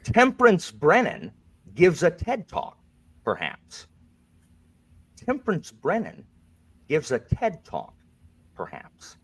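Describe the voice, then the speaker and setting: A man's voice: fairly high pitch, wildly swooping pitch, slow pace, pauses often, husky. A man hosting a bookish quiz game, playful and jokey, reading each clue twice. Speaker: quiz host. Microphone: desk microphone.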